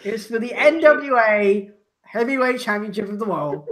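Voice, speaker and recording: Giggly high-voiced woman rambling. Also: expressive, normal speed. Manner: giggly, rambling, loud when teased. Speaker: podcast co-host. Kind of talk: casual chat.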